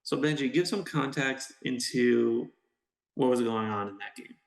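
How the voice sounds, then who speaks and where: A man co-hosting a podcast in casual chat, telling a story with animated, acted-out reactions. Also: medium pitch, a little slow, vocal fry, roomy sound. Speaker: podcast co-host.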